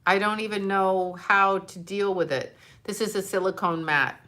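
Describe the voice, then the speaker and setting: A woman's voice: mid-range voice, fairly even intonation, moderate pace, bright, forceful tone. An older woman, a grandmother, chatting casually and emotionally on a livestream, rambling and swearing now and then. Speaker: livestream host.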